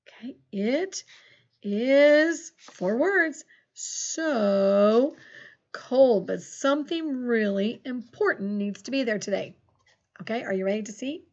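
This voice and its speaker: A woman teaching a recorded phonics lesson to second graders, encouraging and slowly dictating sentences with big swings in her voice. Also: fairly high pitch, muffled recording.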